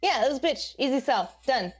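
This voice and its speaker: A woman's voice: sits high, lively intonation, a little fast, husky. Bubbly woman player chatting. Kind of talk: casual chat.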